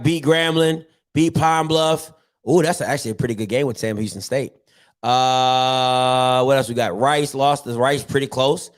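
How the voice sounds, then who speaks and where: A man hosting his own show, ranting casually about sports in an animated, repetitive and mocking way. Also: mid-range voice. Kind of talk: casual sports rant to camera.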